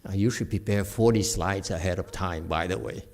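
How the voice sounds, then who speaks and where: A middle-aged man giving a dharma talk with questions and answers, animated, laughing and acting out quoted voices. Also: low-pitched, a little fast. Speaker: meditation teacher.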